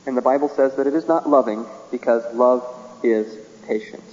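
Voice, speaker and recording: A man's voice: mid-range voice, steady tone, moderate pace, darkish tone, in a large hall, lo-fi sound. A man preaching a sermon in a folksy way, chuckling often and acting out little dialogues.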